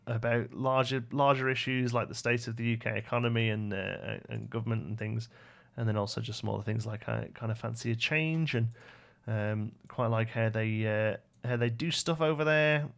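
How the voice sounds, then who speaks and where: British man, young adult, gravelly voice, mid pitch, casual rambling stream chat, mutters while he plays. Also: fairly even intonation, moderate pace, hardly any pauses, fairly bright tone. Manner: rambling, muttering to himself, answering chat questions. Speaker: game livestreamer.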